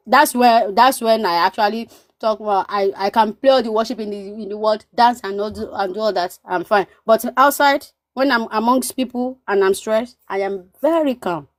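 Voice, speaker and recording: A woman's voice: mid-range voice, moderate pace, dry recording. A woman from Nigeria chatting on a live stream, telling stories animatedly and repeating phrases for emphasis. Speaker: guest. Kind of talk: casual storytelling chat.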